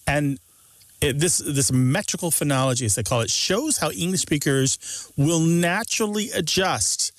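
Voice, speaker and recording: A man co-hosting a call-in radio show, explaining word pronunciations in a lively way and stressing words as examples. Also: fairly high pitch, dry recording. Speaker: radio show co-host and language expert. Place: radio studio. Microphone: studio microphone.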